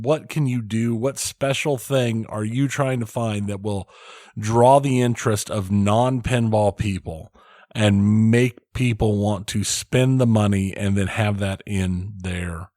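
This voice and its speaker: Skeptical low-voiced man on a dry mic. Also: darkish tone, dry recording. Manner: skeptical, asks pointed questions. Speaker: podcast co-host. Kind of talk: casual podcast chat.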